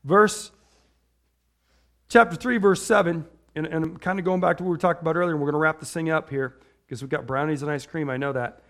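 A man delivering an informal sermon in a talkative, meandering way. His voice sits a little higher than usual for a man. He restarts his sentences and keeps checking in with the room by asking "right?". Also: steady tone, brisk, fairly bright tone. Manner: chatty, tags lines with "right?"; rambling with restarts. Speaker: preacher.

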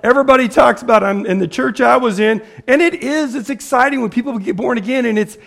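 A pastor who preaches plainly and bluntly, like he is chatting with the room. His voice sits high for a man and has a gravelly edge. He restarts and repeats words as he goes and slips into quick impressions of the people in his stories. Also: fairly bright tone. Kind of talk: casual sermon.

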